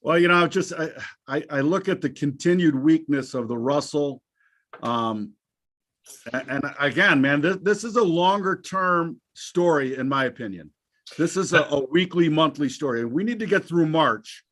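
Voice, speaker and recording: A man co-hosting a casual market talk show, blunt and quick to laugh. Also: fairly high pitch, lively intonation, fairly bright tone.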